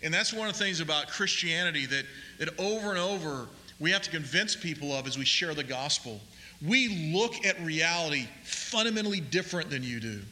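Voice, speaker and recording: Male pastor, sermon, emphatic and deliberate, edgy forceful tone, reverberant hall. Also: on the high side, animated, slight background noise. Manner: deliberate, emphatic preaching with slowed key phrases.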